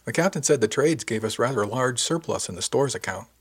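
A man's voice: medium pitch, expressive, fast, husky. A man voicing a cheerful, eager young man working in a ship's galley.

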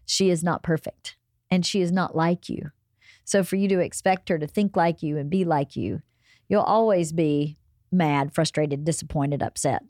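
A middle-aged woman hosting a casual family chat, giving calm, gently lecturing advice. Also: low voice, normal speed, no echo, studio quality. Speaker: podcast host and mother.

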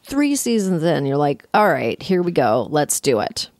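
Lively, laughing woman host from Canada. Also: sits low, normal speed, no echo, clean studio sound. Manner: animated, laughing, profane. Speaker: talk show host. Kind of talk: casual chat.

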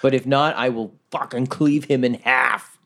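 A man playing a tabletop game, excitable and profane, often laughing as he describes his character's actions. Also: medium pitch, unhurried, creaky. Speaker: player. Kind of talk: tabletop role-play.

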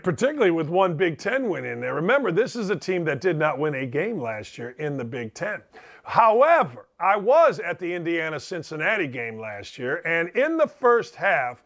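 A man with a high voice hosts a sports talk show from his home basement, ranting about games in a jokey, theatrical way. He leans hard on words for emphasis and plays up his bets. He sounds middle-aged and at ease behind the mic. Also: a bit bright. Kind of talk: animated sports talk monologue.

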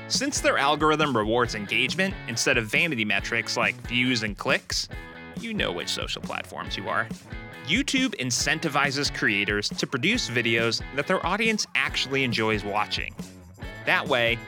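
A man hosting a scripted explainer show, with a lively delivery and playful asides. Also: medium pitch. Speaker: host.

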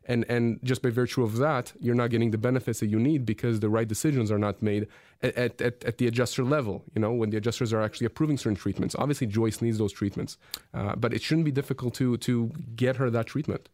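A man giving advice on a radio call-in show, reassuring and quick, often repeating words as he goes. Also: medium pitch, steady tone, a little mellow, no echo, clean studio sound. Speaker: guest expert.

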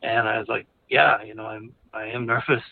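A man's voice: lowish voice, flat delivery, moderate pace, vocal fry. A male caller telling a personal story frankly, in a candid, rambling way with chuckles between phrases. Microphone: phone call. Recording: tinny phone line.

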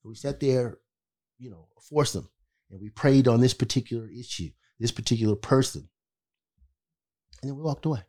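A man's voice: mid-range voice, moderate pace, pauses often, darkish tone. Emphatic man telling a story. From California. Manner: emphatic, repeats "okay?" for emphasis. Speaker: podcast co-host. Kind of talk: casual storytelling chat.

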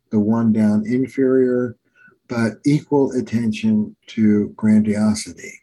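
A man's voice: mid-range voice, mellow, slightly rough, poor audio. An older man, a family therapist, telling case stories in an earnest, emphatic teaching manner. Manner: earnest, emphatic teacher repeating key phrases. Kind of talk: storytelling in a podcast interview.

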